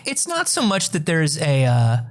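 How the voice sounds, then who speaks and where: A man's voice: on the high side, huge pitch swings, normal speed. A man co-hosting a comedy podcast, rambling through statistics with lots of restarts. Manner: rambling, full of fillers and restarts, reads out statistics. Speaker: podcast co-host. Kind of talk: comedic casual chat.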